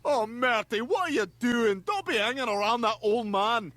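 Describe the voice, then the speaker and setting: A man's voice: very high voice, normal speed, no room sound. An actor with a Scottish accent playing a cranky cartoon man who scolds the characters on his TV. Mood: ranting. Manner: scolding, ranting, shouting at characters on screen. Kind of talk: cartoon voice acting.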